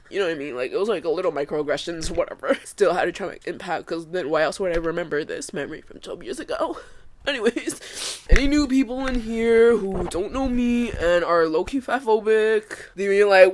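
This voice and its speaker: A woman's voice: on the low side, animated, normal speed. A woman in her twenties from Canada, telling a story in casual vlog chat, emotional, laughing often and swearing freely. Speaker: vlogger.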